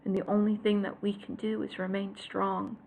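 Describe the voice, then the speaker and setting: A woman's voice: mid-range voice, flat delivery, normal speed, vocal fry, darkish tone, a little hiss or hum. A woman, likely in her thirties, venting to viewers about her children in an exasperated, emphatic way, dropping to whispers for punchlines. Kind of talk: casual vlog rant.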